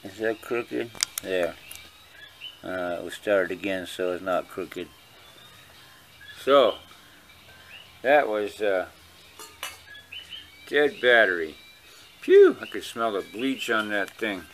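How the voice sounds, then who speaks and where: A man's voice: sits low, slow pace, pauses often, a bit bright, a little hiss or hum. A man with a Hawaiian accent talking casually to his viewers at home, rambling, blunt and profane. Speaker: vlogger.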